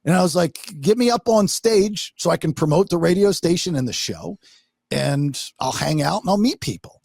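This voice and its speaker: A man with a gravelly, husky voice hosts a podcast in a dry, close-miked sound. His pitch leaps and dips a lot as he tells stories and acts out what others said, with the odd curse. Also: normal speed, no echo. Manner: animated storytelling, swearing, acts out quotes. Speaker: podcast host. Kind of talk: casual podcast chat.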